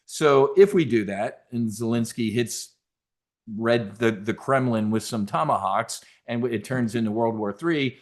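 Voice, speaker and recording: A man's voice: medium pitch, unhurried. A man hosting a trading seminar in a brash, casual way, cracking jokes, swearing, and stumbling over restarts as he talks. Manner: brash, animated, swearing, jokey asides. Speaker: options trading host.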